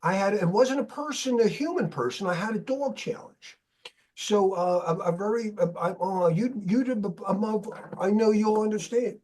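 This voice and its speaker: Man, podcast host, high voice, husky, animated storyteller, casual chat. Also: moderate pace. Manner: animated storyteller, swears freely.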